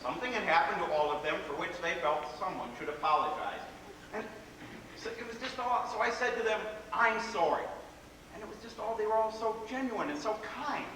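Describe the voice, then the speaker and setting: A man's voice: high voice, animated, brisk, sharp tone. An actor playing a whimsical, rebellious grown man, telling stories with theatrical, playful flourishes in a live stage play. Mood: delighted. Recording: echoey theater hall from far off, faint noise.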